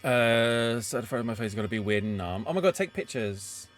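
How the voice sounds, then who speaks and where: A man's voice: mid-range voice, lively intonation, brisk, soft background music. A man streaming a story game, reacting aloud with chatty asides to his viewers. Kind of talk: casual game playthrough commentary.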